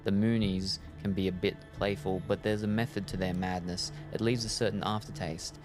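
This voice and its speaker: A man voicing a gruff, streetwise male vampire mentor in a video game, talking in a world-weary, clipped way. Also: low voice, steady tone, moderate pace, over music, lightly acted. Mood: gruff, knowing. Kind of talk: game dialogue read aloud.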